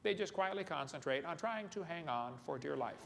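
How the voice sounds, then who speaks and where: Animated and brisk, this man speaks on the high side with vocal fry while giving a funny, folksy seminar lecture to a live crowd in a large hall. He often poses questions to listeners. The audio echoes around the hall, with faint room noise.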